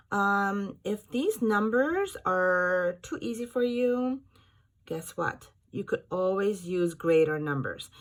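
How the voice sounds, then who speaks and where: A woman teacher giving a slow, patient math lesson to young children, counting aloud and chanting rhymes. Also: lowish voice. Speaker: kindergarten teacher.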